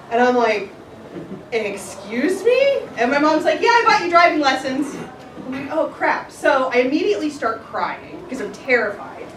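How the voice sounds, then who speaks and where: A young woman from Florida telling a funny personal story to a live audience, animated and laughing as she goes. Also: medium pitch, far from the mic. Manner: animated and laughing, dramatic retelling. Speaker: improv performer telling a story. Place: theater stage. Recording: roomy theater audio from afar, noisy.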